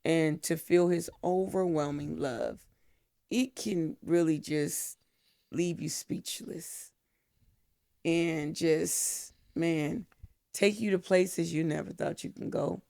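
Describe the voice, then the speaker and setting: Middle-aged woman with a gravelly voice, slow emotional faith talk, dry close mic. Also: sits low, steady tone, warm tone, no echo. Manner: slow, tender, emotional blessing. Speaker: podcast host, mentor. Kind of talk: heartfelt spiritual talk.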